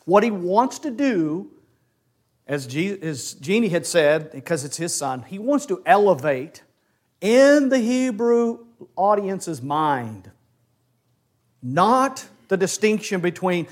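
A man's voice: sits high, slow. A man teaching a Bible class lesson, talking with energy and putting questions to his class. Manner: animated, asks the class questions.

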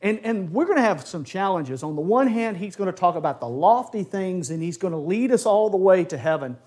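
A man leads a Bible class in a lively, questioning way. His voice sits high for a man and swings widely in pitch. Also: a little fast. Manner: animated, asks the class questions.

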